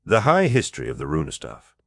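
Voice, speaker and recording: Deep-voiced man reading an audiobook. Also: huge pitch swings, a little fast, vocal fry, fairly bright tone, dry recording, clean studio sound. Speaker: audiobook narrator. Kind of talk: scripted narration.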